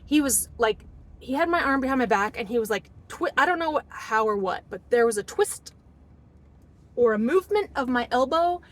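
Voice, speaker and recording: A woman's voice: a little high, lively intonation, normal speed, rough recording. A woman telling a personal story in a rambling, emotional way, acting out what people said, recorded in a car. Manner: rambling, emotional, acts out quotes. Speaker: vlogger telling her story. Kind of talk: casual storytelling monologue.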